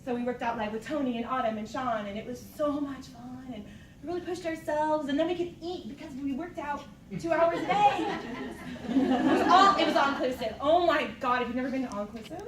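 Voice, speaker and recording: Addressing a team meeting in a meeting room full of people, a fitness coach in her thirties speaks casually and with enthusiasm, laughing frequently. Her voice is high-pitched and brisk over crowd noise. The recording comes from a distant mic in an echoey, noisy space.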